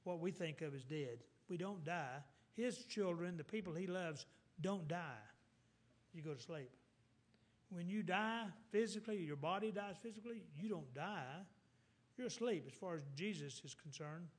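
Male preacher in church, somewhat high-pitched, folksy and conversational, retells scripture in plain words. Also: lively intonation, normal speed, slightly rough. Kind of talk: sermon.

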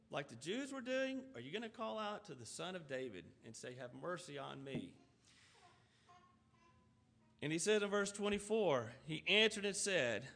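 In a high, slightly bright voice, a preacher reads passages of scripture and earnestly unpacks them in everyday language, stringing together rhetorical questions.

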